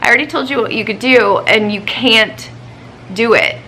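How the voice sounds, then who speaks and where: A woman's voice: on the high side, normal speed, bright, forceful tone, a little hiss or hum, poor audio. A woman vlogger chatting casually, venting her frustration over a doctor's appointment after a week of crying. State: upset, recently crying. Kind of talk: casual chat.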